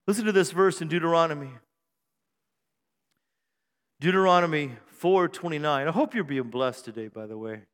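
A middle-aged male pastor preaching a sermon on a church stage mic, joking and self-deprecating, then building to shouted praise. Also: high voice, clean tone. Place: church sanctuary. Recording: long hall reverb in a church.

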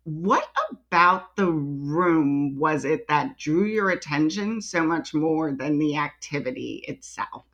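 A woman's voice: sits low, takes it slowly, few pauses, fairly bright tone, highs cut off. A woman host asking a storyteller friendly, curious questions after her story.

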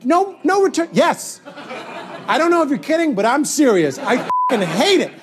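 A man performing stand-up comedy on stage, animated and goofy, breaking into shouted bits. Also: very high voice, normal speed. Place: comedy stage before a live audience. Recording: live audience laughter.

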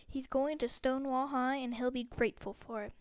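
A woman's voice: sits high, steady tone, a little fast, smooth, no room sound, clean studio sound, lightly acted. A woman reading an audiobook, voicing a blustering, bullying middle-aged man who speaks with scorn. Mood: scornful. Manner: scornful, snapping.

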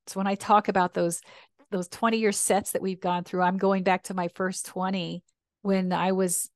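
Gravelly woman telling stories. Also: mid-range voice, little pitch movement, moderate pace, no room sound, studio quality. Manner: warm storytelling, confessional, with acted quotes. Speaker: podcast host and reverend. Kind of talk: personal reflective talk.

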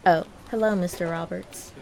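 A woman's voice: lowish voice, fairly even intonation, normal speed, creaky, darkish tone, voice pushed down. Woman voicing female customer service agent, sassy, sugary polite, gossipy.

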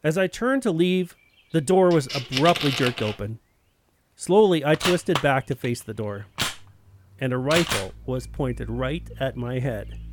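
A man's voice: mid-range voice, expressive, a little slow, noisy background. A man telling a first-person story in a plain, wry narrating voice.

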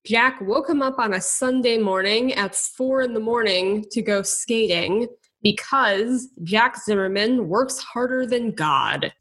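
A woman co-hosting a podcast, casually recapping a comic in a steady, chatty way with occasional wry asides. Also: a little high. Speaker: podcast co-host.

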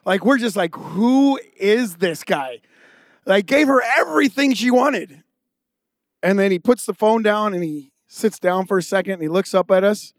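A man's voice: high-pitched, moderate pace, no room sound, studio quality. A male pastor giving a sermon with casual, humorous storytelling.

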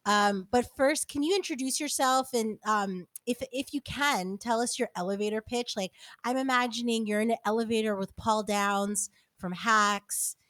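A woman's voice: on the high side, moderate pace, hardly any pauses, fairly bright tone, no room sound, clean studio sound. A woman hosting a podcast, chatting casually and playfully with a guest. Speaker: podcast host. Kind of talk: casual chat.

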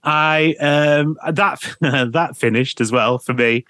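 A man from England, a radio presenter, telling lively anecdotes in a casual podcast interview and laughing often. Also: fairly high pitch, takes it slowly, no echo.

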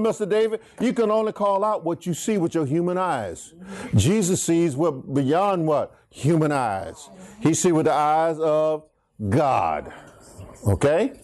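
High-voiced preacher calling out to his flock. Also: darkish tone. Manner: preachy, swings pitch, asks congregation to finish lines. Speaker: pastor. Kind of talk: call-and-response Bible teaching.

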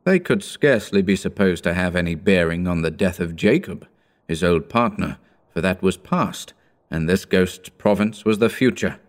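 Man, audiobook narrator, very deep voice, measured, steady reading.

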